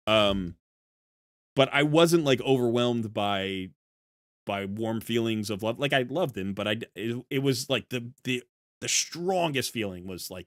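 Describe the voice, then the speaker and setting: Low-voiced man chatting on a live stream. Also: a bit bright, dry recording, studio quality. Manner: rambling, many restarts and fillers. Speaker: streamer talking to chat. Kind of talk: casual live-stream chat.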